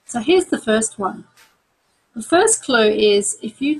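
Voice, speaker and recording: A middle-aged woman coach who talks calmly and repeats words for emphasis. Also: on the high side, slow, breathy edge, poor audio. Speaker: stress coach. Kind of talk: talk to camera.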